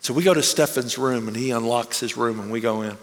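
A man preaching a sermon, telling a personal story in an animated way and acting out the people he quotes. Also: medium pitch, brisk. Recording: long reverb of a large hall.

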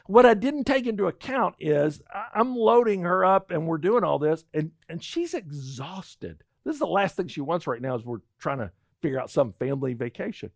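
A middle-aged man preaching, his voice rising and falling a lot as he tells a story. He sits a little high in pitch for a man and sounds dry and close, with almost no room echo. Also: moderate pace, creaky, few pauses. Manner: animated storytelling, acts out quotes. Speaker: pastor. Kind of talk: sermon with personal story.

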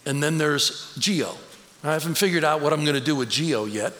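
Preaching as a guest in a church sanctuary, a middle-aged man shares a personal, storytelling sermon in a conversational way that turns emotional now and then. His voice is on the high side and fairly bright, at normal speed, with hall reverb and faint background ambience.

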